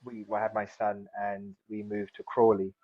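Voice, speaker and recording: A man's voice: on the low side, completely flat delivery, moderate pace, no echo. A man in his thirties from South London, chatting casually as an interview guest, rambling with lots of fillers and restarts. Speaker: guest, seaweed farmer. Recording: dull lo-fi sound.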